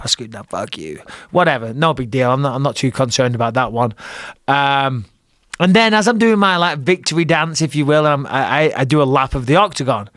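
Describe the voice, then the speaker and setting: Telling a fight story in casual talk, this guest, a middle-aged retired fighter from England with an English accent, swears and performs his own lines. His voice runs a little high and a bit bright, captured in clean studio sound with no echo.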